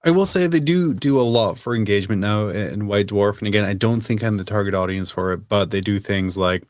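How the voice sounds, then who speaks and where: Low-voiced man hosting a podcast. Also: a little fast, dry recording. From United Kingdom. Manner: leads the discussion with questions. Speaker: podcast co-host. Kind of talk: casual chat.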